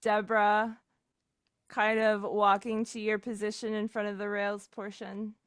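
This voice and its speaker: A woman narrating a tabletop game as game master in a slow, relaxed way. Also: mid-range voice, clean tone, dry recording, clean studio sound.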